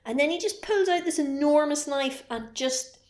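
A woman's voice: sits high, normal speed, a little mellow, echoey room. A woman co-hosting a podcast, chatting casually and animatedly as she retells a horror film with playful sound effects. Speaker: podcast co-host.

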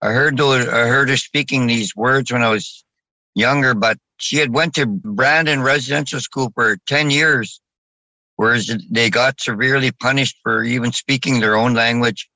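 Bright-voiced man speaking haltingly. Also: medium pitch, steady tone, no echo, poor audio. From Saskatchewan, Canada. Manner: halting, with many restarts and fillers. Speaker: guest. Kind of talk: casual interview talk.

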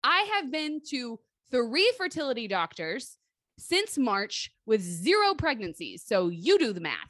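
A woman's voice: on the high side, sing-song, a little slow, fairly bright tone. A woman in her thirties co-hosting a chatty podcast, talking bluntly and swearing freely. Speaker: podcast co-host. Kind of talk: casual chat.

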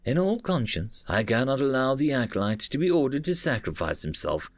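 A man's voice: mid-range voice, very animated, fairly quick, no room sound, soft background music, pitched above the performer's own voice. A man voicing a weary, dutiful starship captain who speaks formally. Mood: grave.

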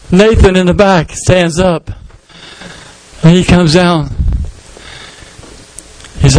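Male pastor, high-pitched, animated sermon delivery with acted-out characters. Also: takes it slowly, pauses often, no room sound, low-quality recording. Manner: animated storytelling, acting out the congregation in voices. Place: church sanctuary.

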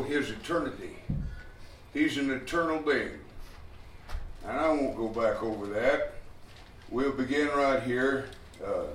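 Slow-speaking preacher in an echoey room. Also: male voice, mid-range voice, slight background noise. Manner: slow, deliberate, with frequent uh fillers. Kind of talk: expository Bible teaching. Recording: echoey room picked up from a distance.

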